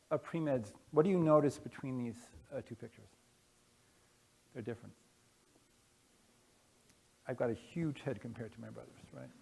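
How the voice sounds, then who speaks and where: A man with a gravelly, creaky voice talks casually to a conference audience. He speaks haltingly, stopping often on fillers and restarting his sentences. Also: mid-range voice, warm tone, a little hiss or hum. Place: conference room. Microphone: wearing headphones with a masking device.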